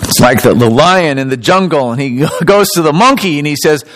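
A man preaching a sermon, animated, with a strong slowing down on the key phrases. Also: on the high side, poor audio. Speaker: pastor.

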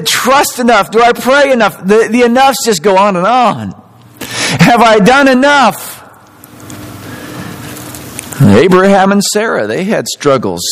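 A man preaching a sermon, animated, with a strong slowing down on the key phrases. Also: high voice, rough recording. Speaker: pastor.

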